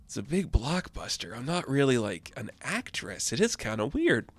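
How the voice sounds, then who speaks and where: A man's voice: mid-range voice, big pitch swings, moderate pace, no room sound. Betty, a man voicing a fed-up pin-up model. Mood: breezy. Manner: exasperated, casual. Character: stressed fed-up young pin-up model woman.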